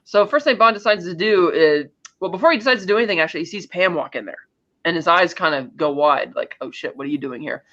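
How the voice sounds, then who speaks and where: Bright-voiced woman chatting over a dull line. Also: lowish voice, expressive, fast talker. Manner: chatty storytelling, acts out film dialogue. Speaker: podcast co-host. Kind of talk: casual film-recap chat. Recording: dull lo-fi mic.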